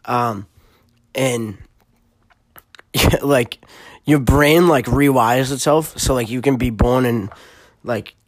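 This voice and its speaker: Young male podcast host, Boston accent, mid-pitched, rambling and crude, dry close recording. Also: slow pace, no echo. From Massachusetts. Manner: rambling, profane, full of fillers. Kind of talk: casual solo podcast chat.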